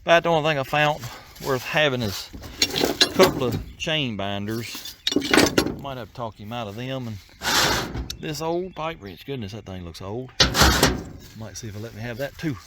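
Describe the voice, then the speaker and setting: A man's voice: mid-range voice, lively intonation, normal speed, long pauses, heavy background noise. An older man with a drawl, chuckling and self-mocking, talking casually while working on an old truck, out of breath. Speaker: garage channel host. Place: outdoors by an old truck on a farm.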